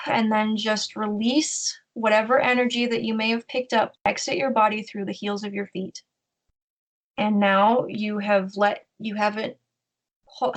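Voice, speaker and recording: A woman co-hosting a podcast, slowly guiding listeners through a meditation in a soothing, instructive way. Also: a little high. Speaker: podcast co-host. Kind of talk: guided meditation.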